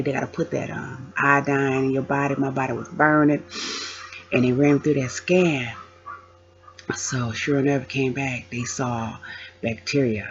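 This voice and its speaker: A woman's voice: extremely low pitch, darkish tone. A woman vlogger telling her own story casually, acting out the voices of the people in it. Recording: dull lo-fi sound.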